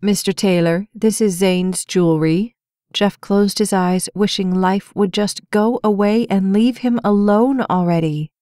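A woman's voice: mid-range voice, measured pace, dark tone, no room sound, clean studio sound. A woman narrating a romance novel audiobook, reading all the characters' dialogue in her own voice. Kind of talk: scripted narration.

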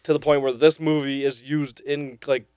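A man's voice: medium pitch, level tone, normal speed, a little mellow, clean tone, no echo. Teasing, laughing podcast co-host man. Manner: laughing, teasing, swears casually. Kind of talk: casual chat.

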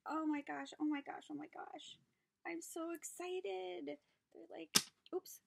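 A woman hosting a craft vlog, unboxing handmade gifts and gushing over each one with gasps and soft whispered asides. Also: high voice, slow, creaky, dry recording. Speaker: craft channel host. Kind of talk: unboxing craft mail, casual chat.

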